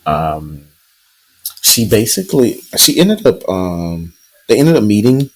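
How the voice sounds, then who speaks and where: A man co-hosting a podcast, telling a news story in relaxed casual chat with plenty of fillers. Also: on the low side, takes it slowly, low-quality recording. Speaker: podcast co-host.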